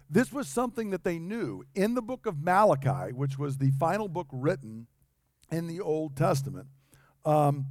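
A man's voice: on the high side, a little mellow, no echo. A man preaching an earnest Bible-teaching sermon, asking rhetorical questions as he explains the text. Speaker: pastor.

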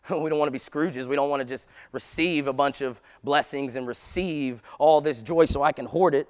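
A high-pitched male pastor delivers a sermon with growing passion, moving from quiet reflection to loud, fervent preaching. His voice carries a long reverb, as if heard in a large hall.

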